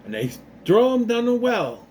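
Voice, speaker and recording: Rambling man with a lively voice. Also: very high voice, a little hiss or hum. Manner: rambling, restarts a lot, acts out lines in quick voices. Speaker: youtuber recapping an episode. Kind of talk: casual spoken recap.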